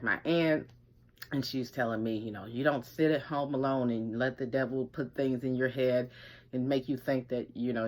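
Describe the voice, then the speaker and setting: Bright-voiced speaker telling a personal story. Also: medium pitch. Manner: rambling, many "like" and "you know" fillers, acts out quoted speech. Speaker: survivorship coach. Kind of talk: personal story, casual talk.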